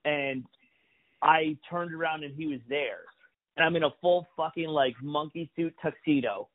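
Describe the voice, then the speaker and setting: A man's voice: fairly high pitch, moderate pace. A comedian telling a long story in a casual chat, swearing freely and acting out the lines of the people he quotes. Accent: New York. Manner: profane, animated storytelling with acted-out quotes. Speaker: comedian guest. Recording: phone-like lo-fi audio.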